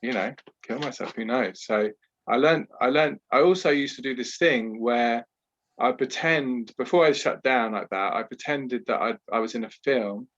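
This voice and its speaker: A man, a podcast guest who talks candidly and at a measured pace about his own past, often adding "you know". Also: medium pitch, a bit bright, dull audio. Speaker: podcast guest, trauma healer. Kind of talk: reflective personal storytelling.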